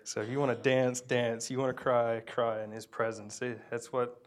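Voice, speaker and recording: A man preaching a sermon, nervous and emotional, halting with fillers and sliding into a soft, murmured prayer. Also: mid-range voice, little pitch movement. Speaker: pastor.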